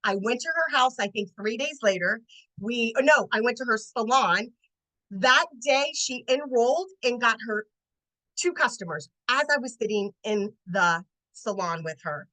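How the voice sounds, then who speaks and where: A woman in her late forties, a network marketing consultant, telling an animated sales story on a team training video call. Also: on the high side, normal speed, rough recording. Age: 40s. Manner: animated, acts out voices in her stories.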